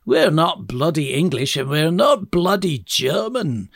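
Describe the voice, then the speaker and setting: A man's voice: fairly high pitch, sing-song, a little slow, vocal fry, dry recording, studio quality, pitched above the performer's own voice, exaggerated voice. A man voicing the indignant Scottish parliament in a put-on Scottish accent. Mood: defiant. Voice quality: self-declared terrible accent.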